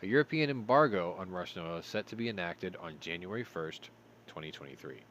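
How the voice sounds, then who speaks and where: A man's voice: deep voice, expressive, fairly quick, a bit bright, slight background noise. A tired man hosting a show, reading news stories aloud and breaking off for sarcastic asides. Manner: sarcastic asides between read headlines. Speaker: show host.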